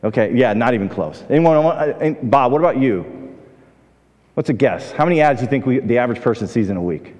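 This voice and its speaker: In a big, reverberant sanctuary, a male pastor delivers his sermon at a brisk clip, his medium-pitched, slightly mellow voice full of lively intonation. He keeps it conversational, putting questions to the congregation and performing the voices of characters in his stories.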